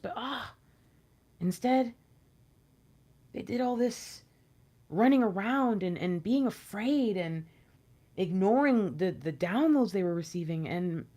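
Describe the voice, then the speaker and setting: A woman giving an intuitive tarot reading, animated and playful, sometimes dropping into whispers. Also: on the high side. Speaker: tarot reader.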